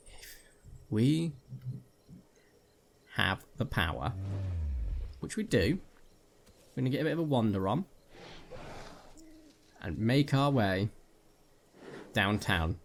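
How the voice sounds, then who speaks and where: Talking to his viewers over a headset mic while he plays, a gaming video creator delivers jokey, jumpy commentary. His fairly low, gravelly voice has lively intonation, moves slowly with frequent pauses, and comes with a little hiss or hum.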